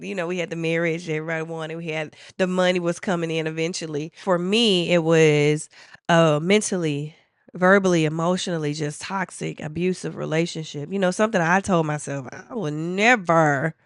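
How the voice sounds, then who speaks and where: A woman in her forties who hosts a faith podcast, telling her own story in an earnest, emotional way with halting restarts. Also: fairly low pitch, smooth, no echo, clean studio sound. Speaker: podcast host. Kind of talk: personal testimony.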